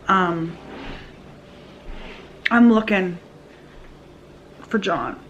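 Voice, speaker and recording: A woman vlogger telling a personal story in a casual, animated way, with quick restarts as she goes. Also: fairly low pitch, lo-fi sound, slight background noise. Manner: animated, tumbling retelling with restarts.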